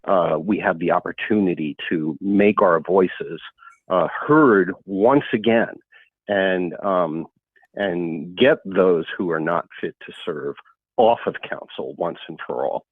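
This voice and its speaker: A man giving a halting, earnest public comment over the phone, with many fillers. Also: low voice, husky, no echo. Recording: tinny phone line, dry.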